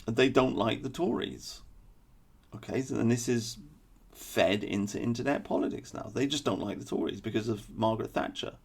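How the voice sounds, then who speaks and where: Guy ranting politics, gravelly, blunt and kinda sarcastic. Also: medium pitch, moderate pace. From England. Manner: blunt, opinionated, sarcastic asides. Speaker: political commentator. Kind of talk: political commentary monologue.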